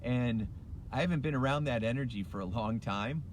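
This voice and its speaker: A man's voice: mid-range voice, normal speed, a little hiss or hum. A middle-aged man, a life coach and hypnotist, giving a passionate, emphatic motivational rant from his car, hammering his points with repetition. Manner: passionate, emphatic, repeats key phrases. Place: in a car at a red light.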